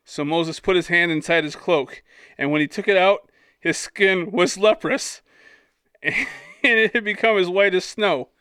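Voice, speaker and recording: A man's voice: sits high, measured pace, pushed and bright, clean tone, dry recording, clean studio sound. A man co-hosting a Bible discussion, reading passages aloud and joking about them. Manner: reads passages, then jokes and laughs. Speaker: co-host reading scripture.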